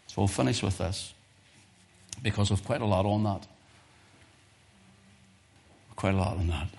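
A man preaching a sermon, moving from easy, conversational asides to loud, impassioned peaks and repeating phrases for emphasis. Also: on the low side, fairly quick, vocal fry. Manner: impassioned, swelling to loud fervent peaks then dropping to quiet asides.

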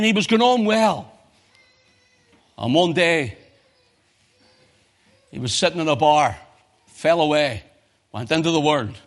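A man preaching a sermon, rising to loud impassioned peaks and dropping to low, hushed intensity.

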